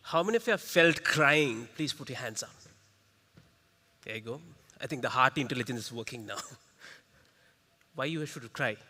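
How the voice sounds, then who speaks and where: A man facilitating a workshop, quizzing and coaxing the audience with quick questions. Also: mid-range voice. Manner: lively, coaxes the audience, quick rhetorical questions. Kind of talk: interactive workshop talk. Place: large conference hall. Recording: reverberant hall.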